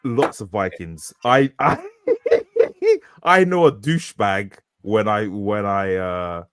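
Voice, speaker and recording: A man's voice: on the low side, big pitch swings, takes it slowly, fairly bright tone, slight background noise. A man co-hosting a podcast, rambling through stories, laughing often and restarting his sentences. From Britain. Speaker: podcast co-host. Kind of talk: casual chat.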